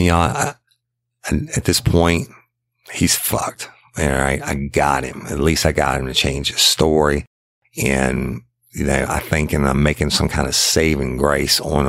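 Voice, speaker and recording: Gravelly deep man storyteller. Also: no room sound, studio quality. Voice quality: gravelly, repetitive restarts. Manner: blunt, profane, acts out both sides of an interrogation. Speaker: retired detective telling a case. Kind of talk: casual storytelling podcast.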